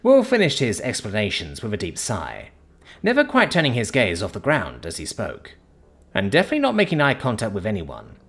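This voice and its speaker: A man reading a science fiction story aloud as narrator, in dramatic, expressive storytelling. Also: on the low side, fairly quick, slightly rough. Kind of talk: scripted narration.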